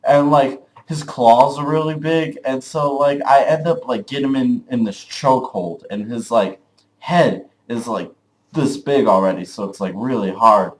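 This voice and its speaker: A man's voice: medium pitch, a little slow. A young man vlogging, telling a dream story casually, rambling with lots of "like" and swearing. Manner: rambling, full of "like", profane.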